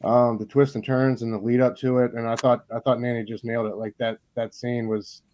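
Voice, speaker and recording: A man on a live-streamed panel, talking with halting enthusiasm. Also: mid-range voice, flat delivery, a little mellow. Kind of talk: casual live-stream chat.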